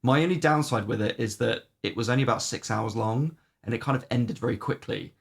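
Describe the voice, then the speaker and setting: Guy rambling through a game review, gravelly voice, lotsa ums. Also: mid-range voice, fairly quick. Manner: rambling, many "um"s, swears casually. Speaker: podcast co-host. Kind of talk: casual game review chat.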